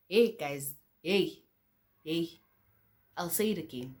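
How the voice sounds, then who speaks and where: Chatty South African woman, lowish voice. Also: darkish tone. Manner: chatty, addresses viewers as guys, repeats "okay, cool" between beats. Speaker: vlogger. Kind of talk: casual storytelling to camera.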